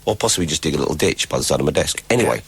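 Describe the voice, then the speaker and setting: A man's voice: a bass voice, expressive, racing, fairly bright tone, husky, no echo. A man hosting a radio show with a head cold, chatting and launching into mock-serious comic rants. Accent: London. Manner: theatrical mock-rant. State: has a cold. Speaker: radio host. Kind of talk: rambling comic chat. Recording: cassette tape of a radio broadcast.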